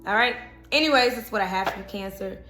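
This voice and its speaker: A woman's voice: mid-range voice, fast talker. A woman giving a casual tarot horoscope reading, talking straight to the viewer with emphatic repeats and coaxing "okay?" asides. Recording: echoey room with faint background music.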